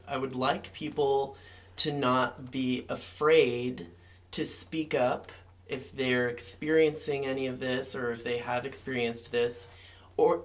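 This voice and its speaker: A cast member answering interview questions casually, pausing and restarting earnestly, and later telling a story through laughter. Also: mid-range voice. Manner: halting earnest speech, then laughing storytelling.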